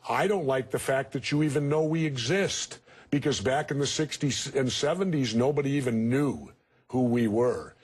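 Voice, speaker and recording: Blunt, husky older man. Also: mid-range voice, moderate pace, darkish tone. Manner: blunt, argumentative, emphatic. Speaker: interview guest. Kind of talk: TV news interview.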